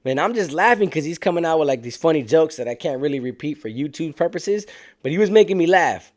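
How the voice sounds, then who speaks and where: Animated slangy man telling a story. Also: on the high side, fast. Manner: animated, slangy, acts out other people's voices. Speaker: storyteller recounting prison life. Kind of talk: casual storytelling.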